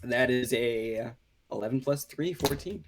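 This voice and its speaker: A woman playing a tabletop game, chatting excitably and laughing often. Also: extremely low pitch, a little slow, background noise. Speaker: player. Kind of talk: casual game chat.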